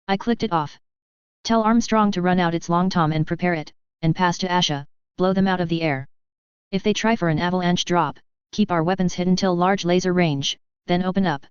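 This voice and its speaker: A woman narrating a military science fiction story, reading every character in the same steady, even voice. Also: on the low side, normal speed, smooth, no echo, muffled recording. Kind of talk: audiobook narration of web fiction.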